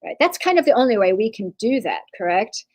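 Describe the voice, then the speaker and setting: A woman's voice: fairly high pitch, very animated, a little fast, darkish tone, poor audio. A woman giving an online percussion clinic, chatty and reassuring, with many fillers and restarts. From Texas. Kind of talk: online masterclass talk.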